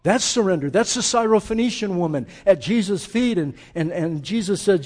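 A middle-aged pastor delivers an impassioned sermon, his voice sitting a little higher than most men's. He pushes hard on key points, then drops to a hushed, intense near-whisper. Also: lively intonation, normal speed, hardly any pauses. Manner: impassioned, swings from loud urging to hushed intensity.

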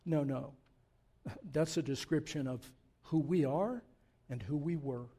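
A man in his sixties preaching a sermon, swinging between loud emphatic declarations and quiet, reflective asides. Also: on the high side, a little slow, breathy edge. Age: 60s. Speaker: pastor.

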